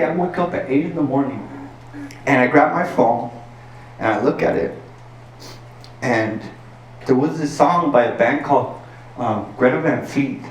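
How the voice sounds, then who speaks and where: A stand-up comedian from El Paso, Texas, tells an earnest personal story on stage, packing it with filler words. His voice is mid-range, and the recording is roomy and distant with a little hiss or hum.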